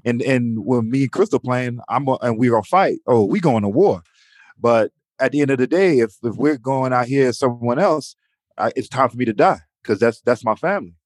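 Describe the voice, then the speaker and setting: A man in his thirties from Atlanta speaks thoughtfully, circling back with "you know" as he goes. His pitch is ordinary, and the dry recording carries no room sound. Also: a little fast, a little mellow, dry recording. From Atlanta, USA. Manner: reflective, with frequent "you know". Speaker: guest. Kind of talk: casual conversation.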